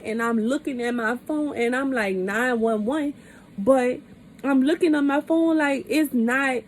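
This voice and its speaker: A woman's voice: mid-range voice, creaky, a little mellow, a little hiss or hum, rough recording. A woman vlogger retelling a personal experience in a candid, emphatic way, often repeating herself for stress. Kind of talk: personal storytime vlog.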